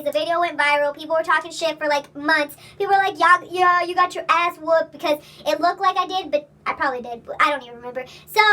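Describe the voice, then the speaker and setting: A woman's voice: very high voice, bright, forceful tone. A young woman telling a personal story in casual, rambling vlog chat, swearing freely and laughing as she goes. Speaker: vlogger.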